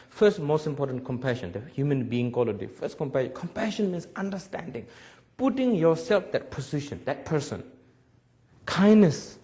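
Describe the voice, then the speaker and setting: A man's voice: fairly high pitch, a little mellow. A man in his forties, a Buddhist teacher giving a public talk in broken English, telling stories and laughing often. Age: 40s. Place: webcast lecture.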